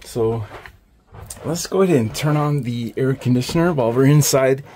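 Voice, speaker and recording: A man's voice: medium pitch, normal speed, mellow, slight background noise. A man, an RV salesman, casually narrating a walkthrough of a camper van, upbeat as he lists each feature he points out. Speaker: RV salesman giving a walkthrough tour.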